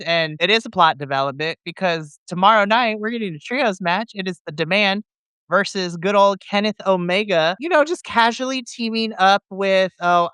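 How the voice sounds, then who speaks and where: Animated man with a bright, raised voice. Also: high voice, smooth, no room sound. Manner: animated and playful, acts out his reactions. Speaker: podcast co-host. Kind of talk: casual podcast chat.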